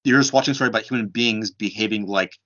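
A man in a casual book discussion, explaining his views in an animated way, with lots of "like". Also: on the low side, fast talker. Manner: animated, filler-heavy explaining. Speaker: discussion participant. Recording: dull lo-fi sound.

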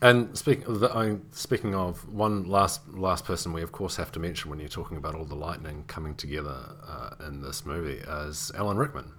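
A man's voice: rumbling low, brisk, hardly any pauses, a bit bright, slight background noise. A man co-hosting a podcast, chatting easily about films, often agreeing and restarting his sentences. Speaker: podcast co-host. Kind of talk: casual movie chat.

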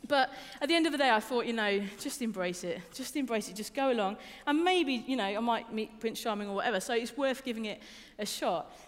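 A young adult woman preaches a conversational sermon in a reverberant hall, informal and personal, often repeating words and putting questions to her listeners. Her voice is a little high and expressive, moving a little fast with few pauses.

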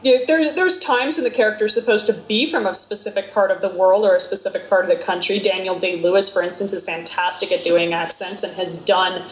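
A woman with a Midwestern American accent, co-hosting a casual podcast chat in an animated, rambling, self-deprecating way. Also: medium pitch, a little fast, few pauses. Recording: roomy, dull lo-fi sound.

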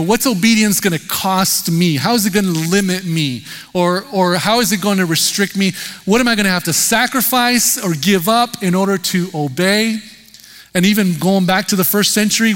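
A man's voice: sits high, fairly bright tone, big-room sound. A man preaching a sermon as pastor, talking in a conversational, emphatic way with rhetorical questions.

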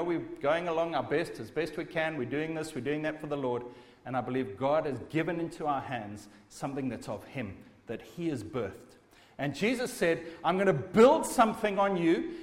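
A man preaching a sermon, speaking with emphasis and asking his listeners rhetorical questions. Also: a little high. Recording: long hall reverb.

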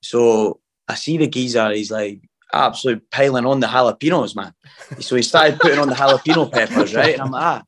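A man's voice: mid-range voice, brisk, fairly bright tone. A young Scottish man, a footballer, chatting casually in an interview, rambling and laid-back, calling everyone mate. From Scotland.

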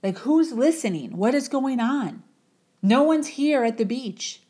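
A woman's voice: high-pitched, expressive, unhurried, warm tone, husky, pitched above the performer's own voice, exaggerated voice. A woman voicing an impatient young man in a story she tells, pleading and exasperated.

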